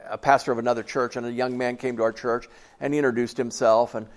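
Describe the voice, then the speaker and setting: A man's voice: mid-range voice, little pitch movement, quick pace. A man in his sixties preaching a sermon to a church congregation in a folksy, conversational way, often asking them questions. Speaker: pastor.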